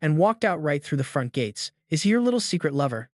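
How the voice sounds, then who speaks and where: A man's voice: fairly high pitch, very animated, a little fast, no echo, clean studio sound. A man reading the lines of a furious, arrogant young prince in a manhwa recap, in a cold, sneering manner.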